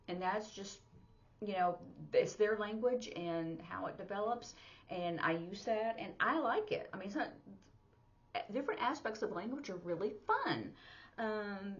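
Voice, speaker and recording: A woman's voice: medium pitch, highs cut off. A woman teaching sign language in a casual, chatty way, walking through each sign step by step with plenty of fillers. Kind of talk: casual instructional lesson.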